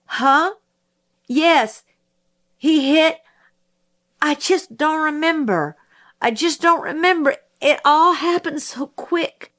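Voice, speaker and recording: A woman voicing a young, poor female witness who is defensive, flustered and quick to anger, stumbling over her answers. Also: high-pitched, fairly bright tone, voice pushed up.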